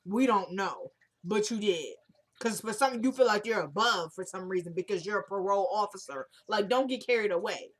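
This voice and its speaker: A woman's voice: mid-range voice, a little fast. Casual woman recapping a TV episode. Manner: animated retelling, acting out scenes. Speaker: TV recap vlogger.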